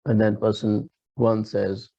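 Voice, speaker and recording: Male pronunciation teacher, slow deliberate delivery, mellow tone, dull dry classroom recording. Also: fairly low pitch, flat delivery, vocal fry, husky, no echo. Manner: slow, deliberate, repeats example sentences for students to copy. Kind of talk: classroom lecture.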